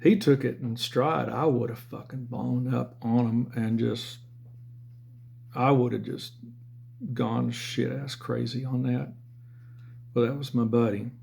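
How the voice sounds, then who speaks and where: Gravelly blunt Southern man. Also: medium pitch, fairly even intonation, takes it slowly, long pauses, darkish tone, slight background noise. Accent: Southern American. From Southern United States. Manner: blunt, profane, rambling. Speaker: former car and motorcycle salesman. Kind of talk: casual storytelling monologue.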